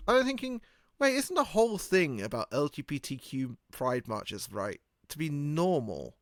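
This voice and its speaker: A man's voice: on the high side, sing-song, moderate pace, no room sound, clean studio sound. A man hosting a podcast in a casual rambling monologue. He jokes, swears freely and laughs at his own jokes. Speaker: podcast host.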